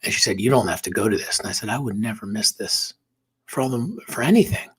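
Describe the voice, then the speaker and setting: A man's voice: fairly low pitch, lively intonation, fast talker, slightly rough. A man guesting on a podcast, telling a personal story earnestly and emotionally, dropping to a whisper at tender moments.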